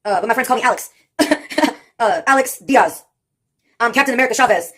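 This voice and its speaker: Woman, slightly high-pitched voice, loose absurd comic monologue, self-amused. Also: a little fast, long pauses, fairly bright tone. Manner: absurd free-associating, frequent laughs at own jokes. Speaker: comedic monologue performer. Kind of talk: rambling improvised comedy monologue.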